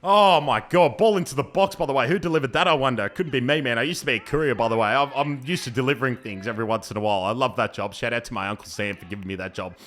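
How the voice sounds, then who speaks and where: Man, young, football commentator, playful asides, excited shouts, sharp tone. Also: medium pitch, rapid-fire, hardly any pauses. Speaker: football commentator and team player. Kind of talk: jokey amateur match commentary voice-over.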